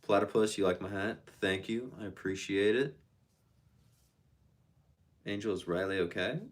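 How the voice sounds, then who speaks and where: Man, lowish voice, live-stream host, reads chat aloud, relaxed and slangy. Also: measured pace. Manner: reads viewer comments aloud and answers them; laid-back, slangy.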